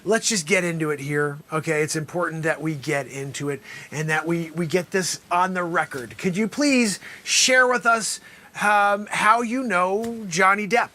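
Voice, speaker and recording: A man hosting an improvised comedy sketch as a courtroom lawyer, theatrical and bursting into loud exclamations. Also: high voice, measured pace. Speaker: host playing a courtroom lawyer.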